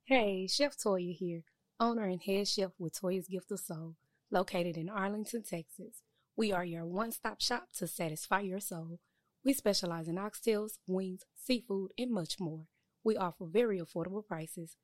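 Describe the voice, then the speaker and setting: A woman's voice: mid-range voice, normal speed, a little mellow, dry recording, clean studio sound. A woman chef reading her own restaurant advertisement in a friendly promotional tone. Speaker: chef in a sponsor ad. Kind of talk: read advertisement.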